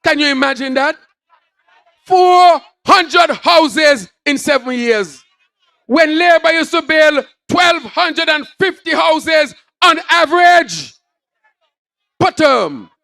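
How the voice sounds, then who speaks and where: A man with a Kittitian accent giving a rousing political rally speech, shouting his lines in repeated, punchy phrases to an outdoor crowd. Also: extremely high pitch, gravelly, no echo. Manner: shouted, rousing, repetitive call-and-response phrasing.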